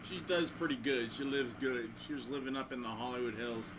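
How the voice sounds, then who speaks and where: A man's voice: mid-range voice, steady tone, brisk, background noise. A man telling a crude, rambling anecdote, acting out the voices of people in his stories. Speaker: guitarist and channel host. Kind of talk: rambling anecdote between guitar playing.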